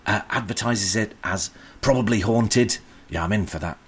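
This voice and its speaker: A man's voice: on the low side, normal speed, slightly rough. A man, co-hosting a podcast in casual, rambling chat full of ums and hesitations. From England. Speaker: podcast co-host.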